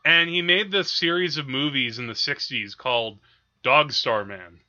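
Chatty, bright-voiced male podcast host. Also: medium pitch, normal speed, lo-fi sound. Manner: chatty, laughs often, hesitant fillers. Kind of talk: casual chat about films.

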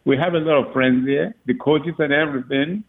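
A father telling a story on the phone, animated and laughing often as he acts out what people said. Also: a little high, fairly quick. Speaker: father of a recruit. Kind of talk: phone interview. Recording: tinny phone line.

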